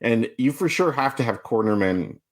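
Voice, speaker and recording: A man's voice: mid-range voice, expressive, moderate pace. A man co-hosting a casual podcast chat, arguing his point in long runs. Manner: argumentative, makes his case in long runs. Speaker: podcast co-host.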